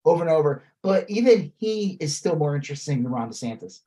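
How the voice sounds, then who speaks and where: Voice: mid-range voice, sing-song, fast talker, warm tone. A podcast co-host in a casual political chat, ranting animatedly with lots of swearing and filler words.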